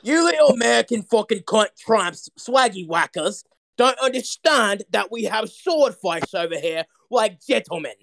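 A guy doing a crude gravelly British lad. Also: sits high, lively intonation, moderate pace, a bit bright, exaggerated voice. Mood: brash. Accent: put-on British. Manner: brash, crude, mocking. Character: crude mocking British lad, brash young man. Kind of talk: comic impression on a podcast.

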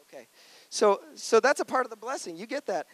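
High-voiced playful pastor man. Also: animated, a little fast, fairly bright tone, no room sound. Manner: playful, conversational, earnest. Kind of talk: sermon.

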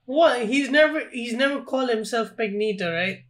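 A co-host on a film podcast teases the other host and pushes back with questions. The talk is relaxed and casual, at a middle pitch. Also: moderate pace.

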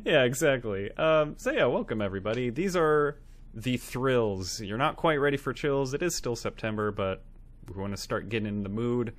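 A man's voice: mid-range voice, expressive, normal speed. A man co-hosting a movie podcast, easygoing and enthusiastic in casual chat. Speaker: podcast co-host.

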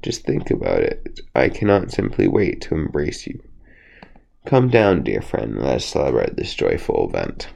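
A man voicing a sly, flattering male fox who talks in a joyful, excited way in a bedtime storybook. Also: extremely low pitch, normal speed, gravelly, full character voice. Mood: gushing.

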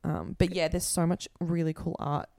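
A young Australian woman co-hosting a podcast in easygoing chat. She talks in a laid-back way and is quick to laugh. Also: on the low side, steady tone, creaky, mellow, dry recording, clean studio sound. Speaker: podcast co-host. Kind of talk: casual chat.

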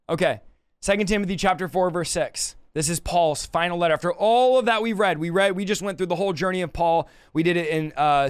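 A man's voice: on the high side, clean tone, no room sound. A man teaching and preaching on a livestream, emotional and close to tears, ending in fervent prayer. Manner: emotional, exclaiming, near tears.

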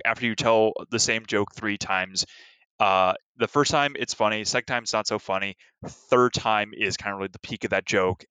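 A man with a somewhat low but bright, forward voice, talking casually on a podcast. He rambles, stacks filler words and laughs often, recorded close and dry. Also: no echo, poor audio. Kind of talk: casual podcast chat about a film.

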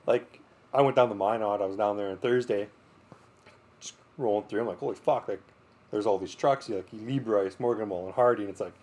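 A man's voice: fairly low pitch, fairly quick, darkish tone. A man on a casual podcast, joking bluntly with friends and swearing freely. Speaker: podcast co-host. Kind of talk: casual chat.

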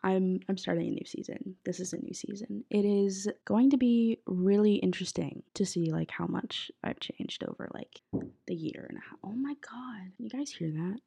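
A woman's voice: mid-range voice, moderate pace, vocal fry, dark tone, husky. A young woman hosting a podcast, chatting casually with lots of fillers, a bit sick. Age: young adult. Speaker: podcast host. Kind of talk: casual chat. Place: college apartment bedroom.

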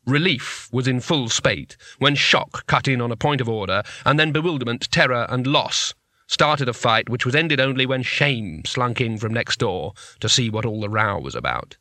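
A man's voice: medium pitch, lively intonation, pushed and bright, no room sound, studio quality. Man narrating a comic fantasy audiobook. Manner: wry, measured storytelling. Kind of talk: scripted narration.

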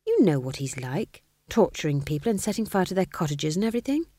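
A woman voicing a shy, anxious young witch who talks high and fretfully. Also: big pitch swings, fast talker, warm tone, no echo.

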